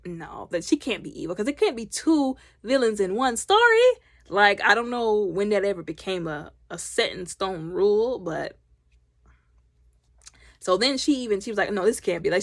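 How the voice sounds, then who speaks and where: A woman recapping a film loudly and animatedly, acting out the characters' lines. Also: medium pitch, dry recording, studio quality. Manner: loud. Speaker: movie reviewer. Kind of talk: casual movie recap.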